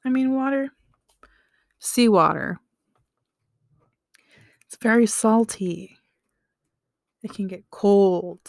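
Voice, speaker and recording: A woman's voice: medium pitch, slow, gravelly, long pauses, a little mellow, no room sound. A woman hosts a laid-back solo podcast, taking her time through the facts. She breaks in with slangy asides and joking reactions. Her voice sits close and dry on the mic. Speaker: podcast host. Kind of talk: casual solo podcast explainer.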